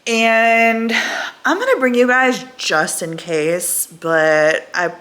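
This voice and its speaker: A woman's voice: on the high side, takes it slowly, fairly bright tone. A woman, chatting casually to her phone camera in a rambling way, full of "like" and "right?". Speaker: vlogger.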